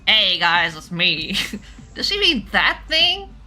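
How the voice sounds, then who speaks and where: A woman's voice: mid-range voice, big pitch swings, takes it slowly, sharp tone, soft background music. A young woman streaming a game, chatting casually and playfully with her viewers between lines of dialogue, often giggling. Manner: giggly, playful, talks to chat. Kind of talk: casual gameplay commentary.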